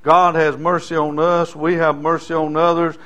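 A high-pitched man with a drawl preaching from the pulpit. He tells folksy stories and reads scripture, then swells into fervent shouting. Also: level tone, normal speed, clean tone. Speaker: pastor. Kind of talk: sermon.

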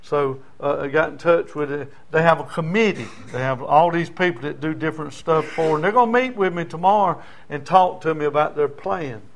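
A man's voice: fairly high pitch, a little fast, vocal fry, few pauses. Folksy preacher man. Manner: folksy storytelling, Southern dialect. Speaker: pastor. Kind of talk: sermon.

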